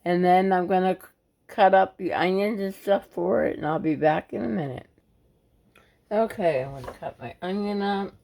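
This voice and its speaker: A woman's voice: on the low side, normal speed, vocal fry, rough recording. A woman talking casually through a home cooking recipe in her kitchen, chatty and homespun. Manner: chatty, homespun, loose with restarts. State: has the hiccups. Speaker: cooking vlogger. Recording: loud frying sizzle behind.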